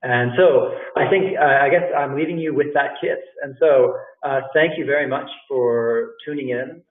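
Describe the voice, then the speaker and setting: A man's voice: mid-range voice, normal speed. A middle-aged man, an English teacher, giving casual interview tips to learners, repeating phrases and calling his listeners "guys". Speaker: English teacher and language school director. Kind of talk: live talk on job interview tips. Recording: echoey room, distant tinny phone-like sound.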